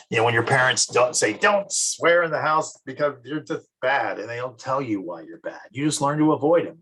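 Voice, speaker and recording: A male teacher lectures casually on psychology, and his voice is husky with a breathy grain. He talks in a loose, anecdotal way, slipping into quick acted-out examples. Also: medium pitch, a bit bright, poor audio. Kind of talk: classroom lecture.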